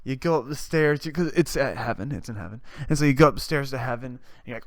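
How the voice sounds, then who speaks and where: A man's voice: mid-range voice, very fast, hardly any pauses, no room sound. Rambling young man, dry close sound. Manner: animated, swings between loud rants and quiet mumbling. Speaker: podcast host. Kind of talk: rambling comedic monologue.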